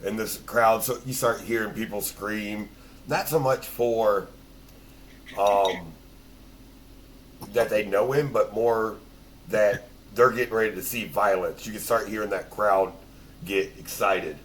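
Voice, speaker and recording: Male game master, low voice, casual hesitant narration, faint room noise. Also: fairly even intonation, measured pace, fairly bright tone. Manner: loose, hesitant narration with restarts.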